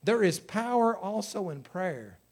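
A man, preaching a sermon, swinging from loud exhortation to hushed storytelling. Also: high voice, lively intonation, unhurried. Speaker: pastor.

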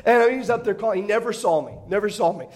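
A man's voice: sits high, lively intonation, fast, a little mellow. A middle-aged man, a pastor, preaching with humorous personal stories and self-deprecating jokes, often restarting his phrases. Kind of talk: storytelling sermon.

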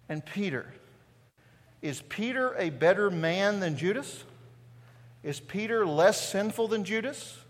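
His voice sits high and fills a large hall: a male pastor from East Tennessee, speaking with a Southern Appalachian accent. He preaches in the church sanctuary in a conversational manner, frequently asking rhetorical questions and adding "right?"

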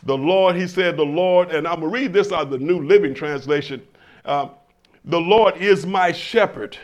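High-voiced older man preaching. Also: normal speed. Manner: call-and-response, stammering restarts, emphatic swells. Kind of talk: sermon. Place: church in front of a congregation.

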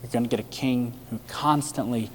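A man preaching a sermon with emphatic rhetorical questions, his delivery swinging between loud and hushed. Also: medium pitch, steady tone, a little fast, big-room sound, a little hiss or hum. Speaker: pastor.

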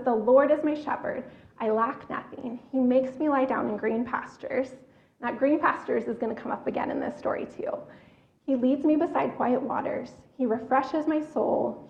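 High-voiced woman preaching, echoey room. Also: creaky. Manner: earnest teaching, repeats words as she thinks. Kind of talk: sermon. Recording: echoey room, slightly dull sound.

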